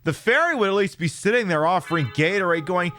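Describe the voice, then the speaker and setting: A man's voice: high-pitched, lively intonation, fast, sharp tone. A man giving sarcastic, profane commentary as he plays a video game, talking straight at the enemies and weapons on screen. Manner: sarcastic, swears freely, talks to enemies and items. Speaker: streamer playing a video game. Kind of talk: let's-play gameplay commentary. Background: game music.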